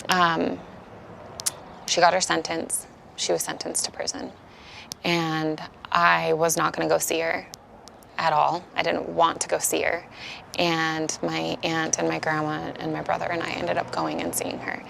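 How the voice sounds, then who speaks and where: A woman's voice: sits low, completely flat delivery, unhurried, creaky, a bit bright, a little hiss or hum. A woman in her thirties giving a candid, emotional personal testimony as a speaker at a support meeting.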